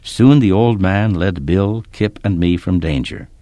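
A man narrating a children's story in a steady, expressive reading style. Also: low voice, unhurried, no room sound, studio quality.

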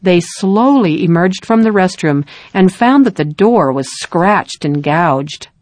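A woman reading a story aloud in a calm, measured narration. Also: fairly low pitch, no room sound.

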